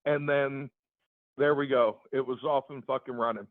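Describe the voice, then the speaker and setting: A man's voice: medium pitch, steady tone, normal speed, dry recording. Male guest, casual storyteller, laid-back and profane, dry phone-quality sound. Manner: laid-back, swears freely, asks listener for confirmation. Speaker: podcast guest. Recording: tinny phone-like line.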